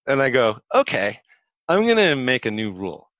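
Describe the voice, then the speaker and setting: A man's voice: medium pitch, normal speed, dry recording, dull audio. A man in a casual chat telling stories at length, animating the quoted people with jumps in his voice. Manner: animated storyteller, acts out quoted dialogue, frequent likes. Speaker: guest telling career stories.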